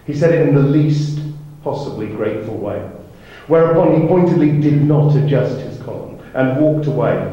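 A man reading aloud from his own book to an audience. His voice is mellow and unhurried. The recording sounds very roomy and a little dull. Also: mid-range voice, a little hiss or hum. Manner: reads a passage, then sings his song. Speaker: author and songwriter guest.

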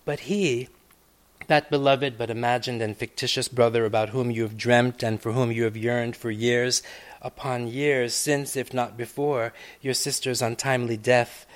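Male author reading his own essay: mid-pitched, reflective, rising loud on key phrases and sinking to near-hush. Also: steady tone. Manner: measured, reflective, long winding sentences with many asides; swells loud on key phrases, then drops to near-hushed tones. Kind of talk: literary reading.

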